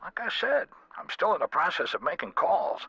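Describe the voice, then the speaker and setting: Brief: a detective, gravelly and husky, lively pitch. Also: male voice, normal speed, no echo, highs cut off, soft background music, full character voice. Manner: casual, informative. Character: male police detective on the phone. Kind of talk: game voice acting.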